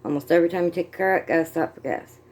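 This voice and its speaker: Speaking very fast in a low, darkish voice, a middle-aged woman from the United States vlogs in a casual, rambling way. She crochets, glances at her notes and keeps amusing herself.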